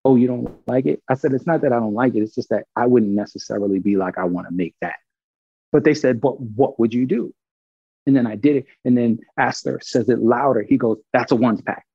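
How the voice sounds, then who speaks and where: Gravelly man from Brooklyn telling a story. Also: mid-range voice, fairly quick, dry recording, lo-fi sound. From Brooklyn, New York. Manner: animated, acts out quoted dialogue, swears freely. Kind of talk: casual storytelling.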